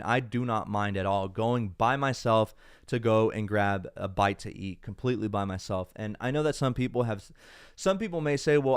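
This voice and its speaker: A man's voice: mid-range voice, clear, resonant tone, no echo, clean studio sound. A young man hosting a casual live stream, chatting upbeat with viewers and slipping into Spanish now and then, while feeling unwell. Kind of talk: casual live-stream chat reading comments.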